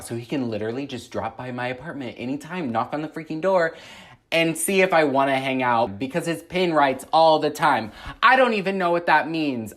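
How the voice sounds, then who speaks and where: A man's voice: mid-range voice, expressive, a little fast, a bit bright. A young man vlogging a storytime from his apartment, rambling anxiously with lots of "like"s. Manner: anxious, rambling retelling with many "like"s. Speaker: YouTuber. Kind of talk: casual storytime.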